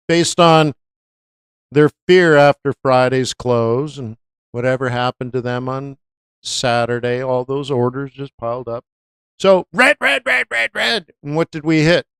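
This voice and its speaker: A talkative trading host riffing through casual market commentary on a live stream. The speaker leans on repetition for emphasis and keeps the tone loose and anecdotal. The voice sits at an ordinary middle pitch in a dry, close recording. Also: clear, resonant tone, dry recording. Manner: chatty, anecdotal, repeats words for emphasis, laughs often; slips into voices when quoting others.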